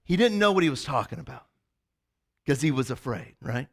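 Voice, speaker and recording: A male pastor telling stories in a sermon, animated and rambling, with constant "right?" asides to a church congregation. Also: medium pitch, brisk. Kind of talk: storytelling sermon. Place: church service before a congregation.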